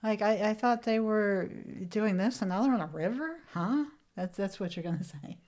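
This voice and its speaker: A woman's voice: mid-range voice, normal speed, darkish tone. A woman co-hosting a podcast in casual chat, playful and teasing, laughing often. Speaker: podcast co-host.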